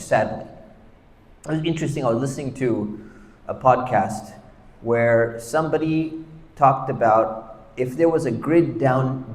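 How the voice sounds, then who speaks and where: A man's voice: medium pitch, a little mellow. A man teaching a conversational Quran commentary class, often putting questions to his audience. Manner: chatty, keeps asking the audience questions. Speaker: Islamic teacher. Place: large Islamic center hall. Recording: echoey hall with long reverb.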